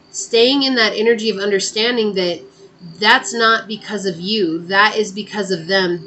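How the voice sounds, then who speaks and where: A woman's voice: medium pitch, a bit bright, a little hiss or hum. A woman giving a casual, chatty tarot reading and talking straight to her viewers. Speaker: tarot reader.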